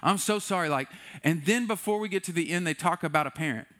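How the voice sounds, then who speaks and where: Male pastor, sermon delivery, higher-than-average voice, swings from animated to quiet and earnest. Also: fast talker. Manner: candid, self-deprecating preaching.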